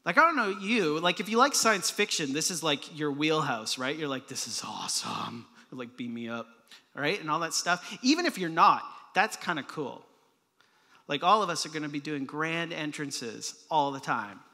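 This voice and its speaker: A male pastor preaches in a relaxed, joking way, tossing in quick asides and little sound effects. His voice sits high and sounds crisp and bright. The sermon rings out with the long reverb of a church hall. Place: church sanctuary.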